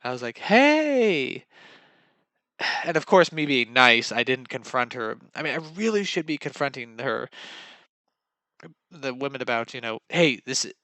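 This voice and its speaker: A man's voice: medium pitch, moderate pace, pushed and bright, no room sound. A young man telling casual dating stories in a rambling, self-mocking way, acting out what people said. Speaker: vlogger. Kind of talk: casual storytelling monologue.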